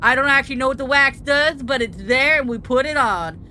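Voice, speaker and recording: A woman's voice: high voice, fairly quick, bright, forceful tone, a little hiss or hum. A woman voicing a laid-back male surfer dude instructor with a drawling, rambling, goofy way of talking. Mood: mellow.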